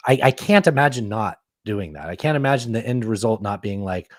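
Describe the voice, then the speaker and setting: A man's voice: on the low side, expressive, brisk, no room sound, studio quality. A man co-hosting a podcast, reacting to clips in casual chat with a riled-up, sarcastic manner and lots of restarts. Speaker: podcast co-host.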